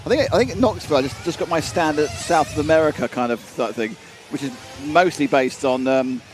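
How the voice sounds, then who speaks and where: A man's voice: on the high side, a little fast, soft background music. A British man co-hosting a racing live stream, chatty and self-mocking, often laughing. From United Kingdom. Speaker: race stream co-commentator. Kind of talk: casual live-stream chat.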